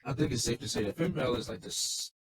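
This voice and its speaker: A man's voice: medium pitch, quick pace, husky, poor audio. Casual swearing man recapping wrestling. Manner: loose, swearing, rambling asides. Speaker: wrestling show reviewer.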